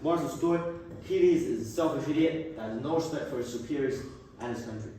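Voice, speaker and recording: Teen boy storyteller, mid-pitched, slangy and rambling, distant mic in a boomy room. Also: fast, dark tone, slight background noise. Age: teens. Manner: rambling, slangy, self-correcting. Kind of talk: casual retelling of a classic. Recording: very echoey room from far off.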